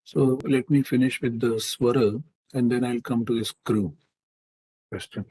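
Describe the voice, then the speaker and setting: Guy lecturing, husky voice, slow careful explaining. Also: mid-range voice, fairly even intonation, dark tone, low-quality recording. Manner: measured, explanatory, uses Sanskrit terms. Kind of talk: live online lecture answering questions.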